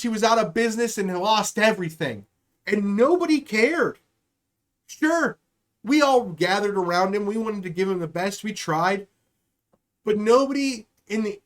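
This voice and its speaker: A male comedian hosting a live-streamed podcast, ranting heatedly and swearing freely. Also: sits high.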